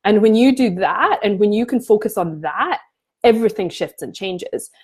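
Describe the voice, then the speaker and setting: A woman's voice: medium pitch, moderate pace, a little mellow, husky. A woman spiritual coach talking casually to camera, passionate and often restarting her sentences.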